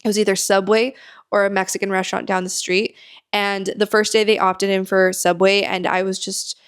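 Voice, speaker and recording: A young American woman hosting her own podcast, chatting candidly about her travels and dropping in quick asides. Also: medium pitch, flat delivery, smooth. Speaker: podcast host. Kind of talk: casual solo storytelling.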